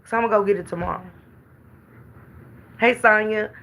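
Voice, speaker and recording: Middle-aged woman, bright gravelly voice, casual livestream host chatting with viewers. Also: mid-range voice, fairly even intonation, moderate pace. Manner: chatty, greets viewers by name.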